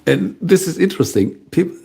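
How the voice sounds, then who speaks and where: A middle-aged man, a voiceover artist, talks through viewer comments in a calm, musing, casual live-stream chat. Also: a little high, fairly quick, creaky, slightly rough. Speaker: voiceover artist hosting a livestream.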